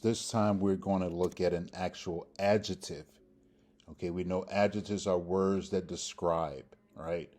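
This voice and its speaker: Deep-voiced guy slowly walking through a grammar lesson, asks questions and answers them himself, warm tone. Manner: repeats pronunciations several times, asks rhetorical questions. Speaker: Hebrew language teacher. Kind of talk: slow, deliberate grammar lesson.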